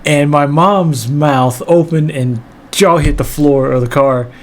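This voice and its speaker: Animated, laughing man telling a story. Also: a little high, slow. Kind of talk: comedic storytelling monologue.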